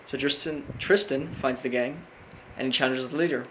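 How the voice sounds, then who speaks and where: A man casually recapping a cartoon episode, rambling with lots of fillers and flat quoted lines. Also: medium pitch, normal speed, slight background noise, rough recording. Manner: rambling, full of fillers, quotes characters flatly. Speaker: recap host.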